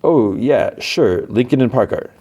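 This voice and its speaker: A man's voice: medium pitch, expressive, measured pace, dark tone, dull audio, voice pushed up. A man voicing an upbeat, formal male teacher addressing a class. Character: upbeat middle-aged male science teacher.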